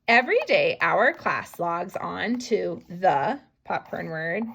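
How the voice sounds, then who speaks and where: A woman teaching a young class to write a sentence, slowly sounding out each word, syllable and letter and often dropping to soft, half-whispered phonics sounds. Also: lowish voice, animated, creaky, slightly rough, low-quality recording. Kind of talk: early-grade writing lesson, sounding out words.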